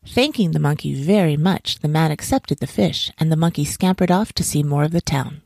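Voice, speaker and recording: A woman narrating a children's folk tale in a measured, expressive reading. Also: deep voice, vocal fry, dry recording, studio quality. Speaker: storyteller. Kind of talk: storybook narration.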